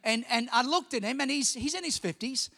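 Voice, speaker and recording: A middle-aged man with an Australian accent preaching a sermon, telling personal stories in an animated way that climbs to shouting. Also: very high voice, fairly quick, creaky. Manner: animated storytelling, rising to shouts. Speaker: pastor. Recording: long hall reverb.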